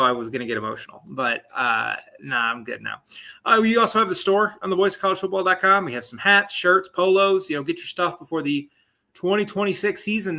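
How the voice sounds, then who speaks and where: A man's voice: high-pitched, creaky, sharp tone. A man in his late twenties hosting a live sports talk show, rambling and chatty with many fillers and asides. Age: 20s. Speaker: sports podcast host.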